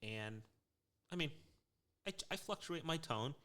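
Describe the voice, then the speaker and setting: A man's voice: a little high, expressive, unhurried, pushed and bright. Rambling man telling a work story. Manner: rambling, lots of fillers and restarts, clears throat often. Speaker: podcast co-host; former social worker. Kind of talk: casual chat, storytelling.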